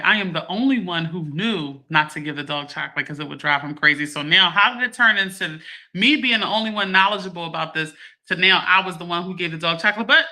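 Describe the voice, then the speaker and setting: A woman, hosting a livestream and chatting to her viewers in a lively way, laughing often. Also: mid-range voice. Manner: animated, laughing, addresses viewers as y'all. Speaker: livestream host. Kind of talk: casual chat to a live audience.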